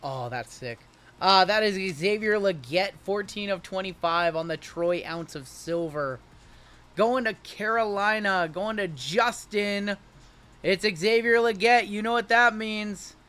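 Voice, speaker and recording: A young man hosting a live-streamed card break, joking and hyping each pull in rapid running banter. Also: sits high, bright, forceful tone, clear, resonant tone.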